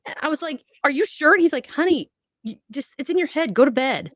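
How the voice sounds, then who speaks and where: A woman's voice: sits high, animated, a little fast, fairly bright tone, no echo, studio quality. A woman on a podcast telling a personal ghost story, acting out the voices she quotes. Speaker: podcast guest.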